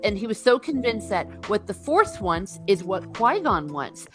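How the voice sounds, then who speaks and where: A woman as an interview guest, sharing opinions in animated, casual chat and acting out quotes as she goes. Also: medium pitch, normal speed, soft background music.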